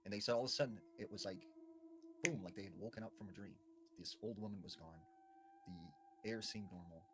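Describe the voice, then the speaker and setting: Low-voiced guy telling a creepy story, hushed and dramatic, faint background hum. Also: brisk. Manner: hushed, dramatic, lots of "you know". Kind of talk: spooky storytelling.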